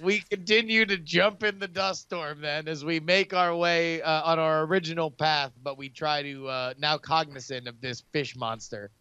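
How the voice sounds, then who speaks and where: Dude playing a tabletop game, bright and tense, dry muffled mic. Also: male voice, fairly high pitch, steady tone, normal speed, few pauses, smooth, dry recording. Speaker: player.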